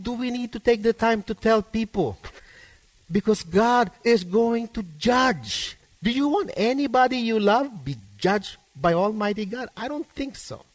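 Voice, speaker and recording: A man preaching a sermon as pastor, with emphatic delivery that rises and swells to stress each point. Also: in a large hall. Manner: emphatic preaching, rising pitch and volume for stress.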